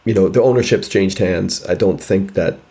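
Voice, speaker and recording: A man's voice: deep voice, moderate pace, mellow, breathy edge. A man hosting a casual film discussion, asking long, rambling questions and steering the talk. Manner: leads the chat, asks long rambling questions. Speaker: podcast host.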